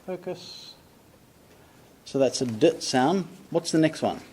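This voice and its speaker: A man's voice: on the high side, animated, slow pace, darkish tone, husky. A man teaching an English pronunciation lesson, patiently breaking phrases into single sounds and quizzing the viewer.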